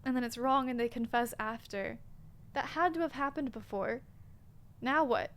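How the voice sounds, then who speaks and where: A woman's voice: fairly high pitch, moderate pace. A woman streaming a game, thinking aloud and joking in casual commentary.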